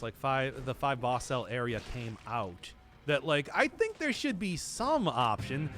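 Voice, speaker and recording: A man's voice: on the high side, a bit bright, slight background noise. A man chatting casually to his viewers while playing a game, rambling and chuckling often as he answers chat. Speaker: streamer. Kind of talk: casual live-stream commentary while gaming.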